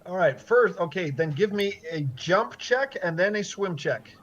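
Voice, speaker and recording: A man's voice: sits high, lively intonation, unhurried, a bit bright, muffled recording. A man running a tabletop game as dungeon master, upbeat and encouraging as he rules on checks over voice chat.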